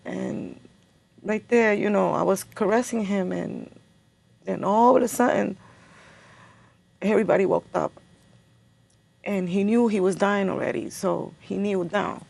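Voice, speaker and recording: A middle-aged woman giving a personal account as an interview guest, halting and repeating words as she remembers. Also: medium pitch, fairly even intonation, gravelly, darkish tone.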